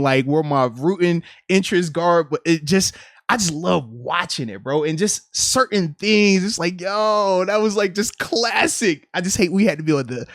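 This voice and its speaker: A man in his thirties, a podcast host, talking sports in an animated casual way and breaking into loud imitations. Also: sits high, dry recording, studio quality.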